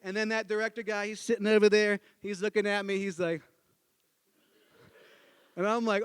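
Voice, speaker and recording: A man's voice: high-pitched, fast, dry recording. A man from the northeastern United States telling a personal story live, acting out the people in it. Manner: animated, acts out every character in the story. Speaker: storyteller speaking to an audience.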